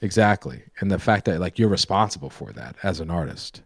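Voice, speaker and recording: A man's voice: low voice, animated, brisk, creaky, slightly rough, no echo, clean studio sound. A man co-hosting a live painting stream, explaining drawing in a rambling, self-correcting way. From New York. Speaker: co-host, painter and drawing teacher. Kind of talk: casual live-stream chat.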